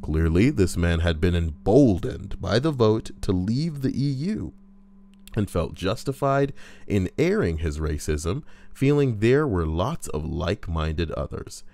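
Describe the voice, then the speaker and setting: A YouTuber reads Reddit posts aloud for comedy, breaking in with crude jokes, while faint music plays underneath. His voice is low and dark, with a sing-song lilt, vocal fry, and an unhurried pace.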